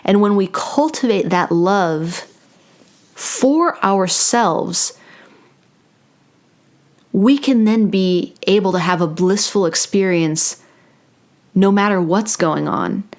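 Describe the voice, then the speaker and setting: A woman's voice: mid-range voice, takes it slowly, long pauses, darkish tone. A woman hosting a spiritual talk, speaking unhurriedly into a close microphone and passing on channeled guidance, with playful self-mocking asides. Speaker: meditation and spiritual channeling host. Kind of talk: slow reflective spiritual talk with channeled passages.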